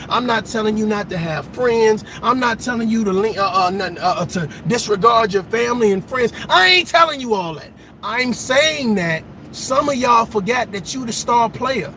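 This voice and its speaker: A man with a very high, sharp-edged voice gives an impassioned motivational talk. He preaches and repeats himself, hammering each point and often rising to a shout. A faint hum of noise sits behind him. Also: normal speed. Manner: preachy, repetitive, emphatic, breaks into shouts. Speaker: motivational vlogger.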